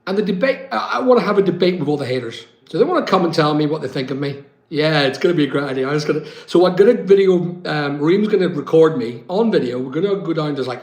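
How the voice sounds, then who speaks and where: A man's voice: on the high side, expressive, brisk. A man from Britain hosting a casual live-stream chat, rambling and reading viewer comments aloud. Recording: echoey room.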